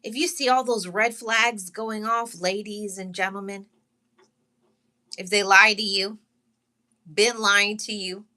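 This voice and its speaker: A channel host with a bright, clear, medium-pitched voice gives an emotional personal testimony about her heartbreak to viewers she calls loved ones, greeting the live chat along the way. Her intonation stays fairly even as she speaks earnestly, repeating herself, pausing and restarting while fighting back tears.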